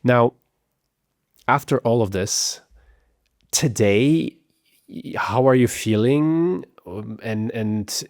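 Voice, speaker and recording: A man's voice: mid-range voice, slow, long pauses, darkish tone, no room sound, studio quality. A man hosting a podcast, asking sympathetic questions with stammering restarts. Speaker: podcast host. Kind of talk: interview questions.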